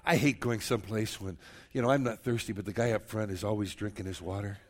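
A man's voice: lowish voice, fast. A man preaching a sermon while he has a cold and coughs now and then, acting out the voices of the people he quotes. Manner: animated, acts out quoted voices. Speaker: pastor.

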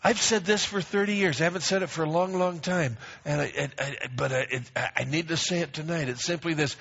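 A man's voice: on the high side, fairly quick, gravelly, hardly any pauses, a bit bright, slightly rough. A middle-aged man pastor preaching a sermon, emphatic, repeating phrases and acting out quoted voices. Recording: dull lo-fi recording.

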